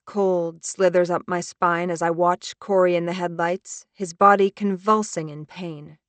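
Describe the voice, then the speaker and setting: Woman reading a tense audiobook, slow, lowish voice, dry close sound. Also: fairly even intonation, clean tone, no room sound. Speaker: audiobook narrator. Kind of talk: first-person audiobook narration.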